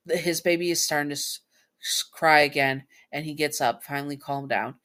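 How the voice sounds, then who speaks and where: A woman's voice: low-pitched, normal speed, a bit bright. A woman casually reading fan fiction aloud, stumbling over words and apologizing as she corrects herself. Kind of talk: casual story read-aloud.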